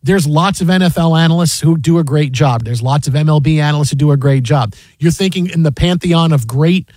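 A man's voice: a little high, fairly quick, a little mellow, dry recording. A man co-hosting a sports show, telling stories casually with many restarts and acted quotes. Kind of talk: casual storytelling.

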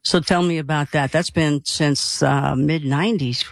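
A man's voice: fairly high pitch, fairly even intonation, a little slow, creaky, dry recording, clean studio sound. A man interviewing a hypnotist, asking friendly, rambling questions.

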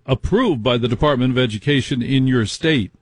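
A man's voice: mid-range voice, a little fast, breathy edge, no echo. A middle-aged man hosting a talk radio show, ranting with indignant rhetorical questions.

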